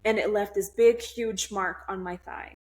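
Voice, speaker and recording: A woman's voice: mid-range voice, steady tone, measured pace, a little mellow. A young woman guest on a podcast, telling a personal story in a blunt, candid way, swearing freely and restarting her sentences.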